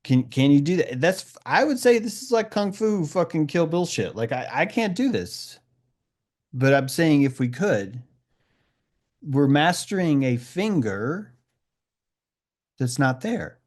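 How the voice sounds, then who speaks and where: A man's voice: fairly high pitch, big pitch swings, measured pace. A man in a casual group discussion, talking intensely with lots of swearing and acting out quoted voices. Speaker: discussion participant.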